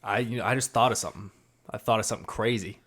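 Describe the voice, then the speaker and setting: A man's voice: on the low side, very fast, husky. Joking man co-hosting a podcast. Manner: joking, excitable banter. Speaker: podcast co-host. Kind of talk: casual chat.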